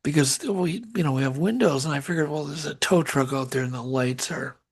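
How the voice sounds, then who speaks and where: A middle-aged man telling a strange story as a podcast guest, animated and acting out what people said. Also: fairly high pitch, fairly quick, slightly rough. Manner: animated storyteller, acts out quotes.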